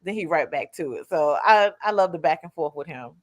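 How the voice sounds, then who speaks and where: A woman co-hosting a casual wrestling podcast, enthusiastic and quick to laugh. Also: deep voice, animated, no echo, studio quality. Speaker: podcast co-host.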